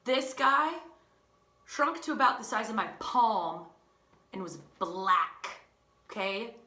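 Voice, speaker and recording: A young woman teacher telling a family story in a chatty, animated, self-mocking way. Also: mid-range voice, slow pace. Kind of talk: casual storytelling. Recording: echoey room.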